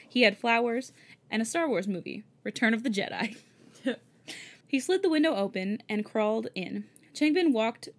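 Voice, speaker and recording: A woman co-hosting a podcast, reading a fan story aloud and often breaking into giggles. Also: fairly high pitch. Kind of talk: casual reading with giggling asides.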